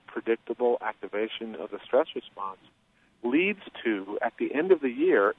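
A man's voice: medium pitch, dry recording. Man explaining over a tinny line. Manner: measured, explanatory, many fillers. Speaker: guest expert on childhood trauma. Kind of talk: interview explanation. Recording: tinny phone-line sound.

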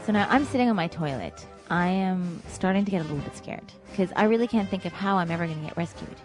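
A woman telling a personal story in vivid, dramatic fashion, dropping to a hush and rising again. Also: fairly low pitch, expressive, quick pace, soft background music. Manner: vivid, dramatic, ranging from hushed to loud.

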